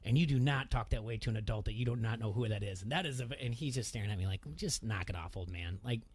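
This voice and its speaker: Man, radio talk host, storytelling, mid-pitched voice, casual chat. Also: very fast, slightly rough. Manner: storytelling, animated when quoting.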